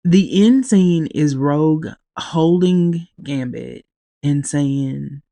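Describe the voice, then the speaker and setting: A woman recaps a TV episode on her podcast, teary-eyed and halting, leaving long pauses. She talks slowly in a gravelly, mellow voice. The room sound is dry and close. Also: deep voice, dry recording. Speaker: podcast host.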